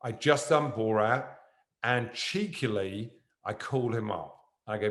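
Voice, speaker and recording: A man's voice: lowish voice, measured pace, reverberant. A man, an actor as guest, telling a rambling anecdote on stage that jumps around. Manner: animated, jumps around in the story. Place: university event room.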